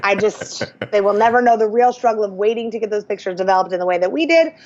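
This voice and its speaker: A woman co-hosting a podcast, telling stories in an animated, teasing way over dull lo-fi audio. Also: medium pitch, quick pace. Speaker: podcast co-host. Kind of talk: casual podcast chat.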